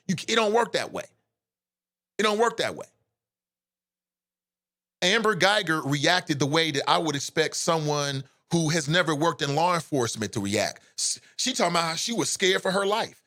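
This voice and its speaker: A man's voice: fairly high pitch, expressive, fairly quick, bright, forceful tone. A man hosting a live show at home, giving blunt, impassioned and profane opinion commentary.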